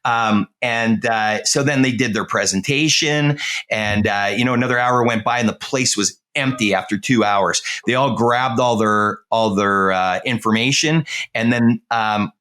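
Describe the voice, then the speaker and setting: A man's voice: fairly low pitch, moderate pace, bright, forceful tone. A middle-aged man, a real estate agent, casually telling a story in an interview, full of "uh", "um" and restarts. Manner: rambling, full of fillers and restarts.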